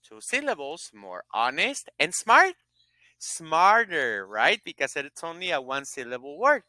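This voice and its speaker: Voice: medium pitch, sing-song, a little slow, sharp tone, dry recording. An English grammar teacher giving a recorded lesson, drilling word pairs and asking the learner questions before answering them.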